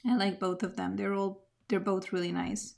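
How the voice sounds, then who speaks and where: A woman's voice: mid-range voice, flat delivery, moderate pace, gravelly, a little mellow. A woman teaching a mixed media art lesson, talking reflectively as she draws and often searching for her words. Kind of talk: craft tutorial narration.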